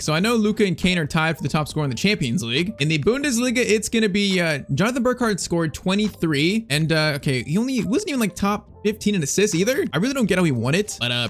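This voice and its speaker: A young gaming YouTuber with a voice that sits high gives casual, excitable live commentary on his own football video game match. He uses slang and bursts out at the big plays.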